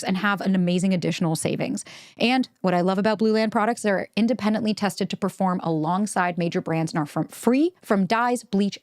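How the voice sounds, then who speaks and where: A woman talks straight to her listeners in a solo podcast, emphatic and animated. She is casual and blunt, with plenty of swearing. Her voice sits at an ordinary middle pitch. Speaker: podcast host. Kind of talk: solo podcast monologue with ad read.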